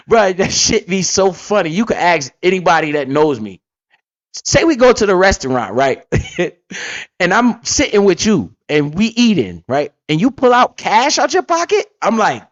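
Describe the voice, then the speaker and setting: A blunt, streetwise man hosting a profane, casual money-talk livestream, with big swings in pitch as he talks. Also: sing-song, moderate pace, a bit bright, dry recording, muffled recording. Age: adult parent. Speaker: livestream host.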